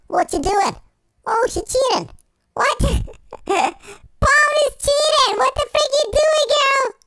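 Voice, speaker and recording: Squeaky sped-up chipmunk guy yelling over a roblox game, pitch jumps all over, gravelly bits, noisy audio. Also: heavily acted. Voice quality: squeaky, giggly, exclamatory. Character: cheeky excitable cartoon chipmunk gamer. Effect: sped-up high chipmunk pitch shift. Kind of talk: Roblox let's play commentary.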